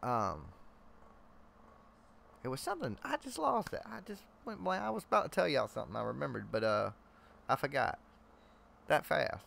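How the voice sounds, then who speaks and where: A young man hosts a live chat stream, rambling from one story to the next in loose, slangy talk. His voice has a gravelly, rough edge, and he jokes with his viewers as he goes. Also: mid-range voice, very animated, normal speed, pauses often, a bit bright, a little hiss or hum.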